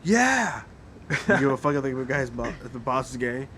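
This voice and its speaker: A man's voice: medium pitch, flat delivery, fast, bright, forceful tone, slight background noise. A young man, a podcast guest, chatting casually with profane words and frequent laughter. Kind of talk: casual chat.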